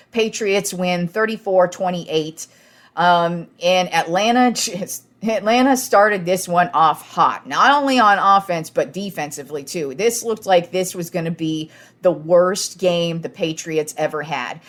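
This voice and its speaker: Casual sports-podcast woman, lowish voice. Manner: excited, swears freely, acts out players' words. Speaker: podcast host.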